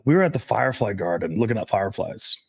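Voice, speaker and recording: A man's voice: fairly low pitch, lively intonation, quick pace, gravelly, slightly rough. A man hosting a podcast as a dating coach, talking in a blunt, profane, casual way and telling stories with laughs.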